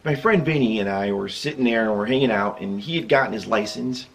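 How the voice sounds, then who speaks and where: A man's voice: lowish voice, a little fast, vocal fry, a bit bright. Rambling, laughing Midwestern man telling a story. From American Midwest. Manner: rambling and self-interrupting, breaks into laughter. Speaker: YouTube storyteller. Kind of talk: casual storytime narration.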